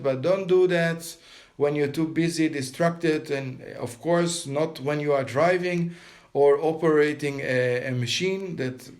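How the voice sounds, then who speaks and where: A man leading a guided meditation, giving calm step-by-step breathing instructions. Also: a little high.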